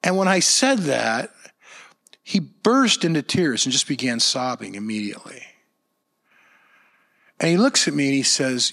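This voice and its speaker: A man's voice: mid-range voice, very animated, measured pace, creaky, pauses often, pushed and bright. A man as pastor, giving a conversational sermon in an earnest storytelling manner, often restarting and repeating words.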